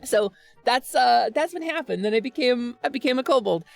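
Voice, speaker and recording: A woman streamer chatting casually with her viewers, earnest and animated, laughing often and restarting her sentences. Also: a little high, moderate pace, vocal fry, faint music behind.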